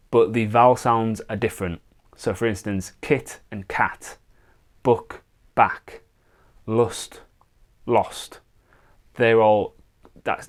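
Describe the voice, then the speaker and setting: A man teaching songwriting in a relaxed, step-by-step way, with frequent fillers. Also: fairly low pitch. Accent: non-American English. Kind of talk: casual explanatory lesson.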